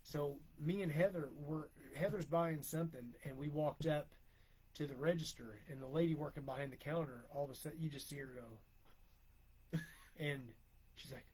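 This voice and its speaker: A man's voice: on the high side, fairly even intonation, moderate pace, darkish tone, husky, poor audio. A middle-aged man co-hosting a podcast, rambling through casual stories, laughing often and acting out quoted lines. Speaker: podcast co-host, wrestler. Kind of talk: casual storytelling chat.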